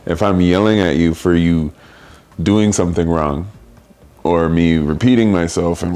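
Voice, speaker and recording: A man's voice: sits low, a little slow, warm tone. A young adult man hosting a candid conversational podcast, speaking reflectively in short, repeated phrases. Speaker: podcast host.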